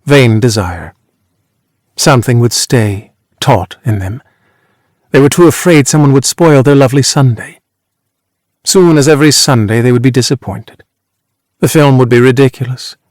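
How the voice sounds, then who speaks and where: A man's voice: medium pitch, normal speed, long pauses, darkish tone, no room sound, clean studio sound. Man reading a literary audiobook. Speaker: audiobook narrator. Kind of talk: scripted literary narration.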